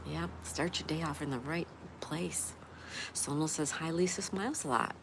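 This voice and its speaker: On a casual live stream, a woman with a low voice and vocal fry talks at normal speed as she reads viewer comments aloud. She greets each person by name and answers with gushing exclamations, against noisy background ambience.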